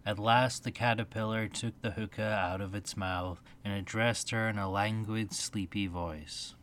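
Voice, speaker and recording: A man reading a storybook aloud as narrator, steady and even. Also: fairly low pitch, unhurried, slight background noise.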